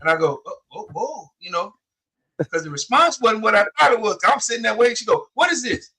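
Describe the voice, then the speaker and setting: Man, 40s, high voice, chatty storyteller who acts out dialogue. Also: brisk, vocal fry, husky. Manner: animated storyteller, acts out quotes, many fillers. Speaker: podcast co-host. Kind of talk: casual storytelling chat.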